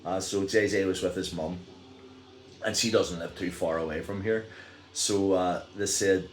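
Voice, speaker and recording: A man's voice: low voice, fairly even intonation, a little slow. A middle-aged man with a Northern Irish accent, telling a story casually to camera with lots of fillers and restarts. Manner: rambling, many fillers and restarts, chuckles while telling. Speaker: vlogger. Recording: echoey room.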